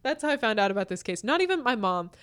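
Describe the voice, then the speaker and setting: With a smooth, slightly high voice and a fast pace, a young adult woman chats casually as a podcast co-host. Her storytelling is animated and full of giggles.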